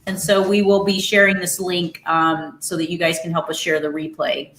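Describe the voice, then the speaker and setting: A woman's voice: fairly low pitch, fairly even intonation, moderate pace, a bit bright, a little hiss or hum. A woman hosting a casual webinar over a video call, upbeat and friendly, with many fillers. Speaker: webinar host. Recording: echoey room.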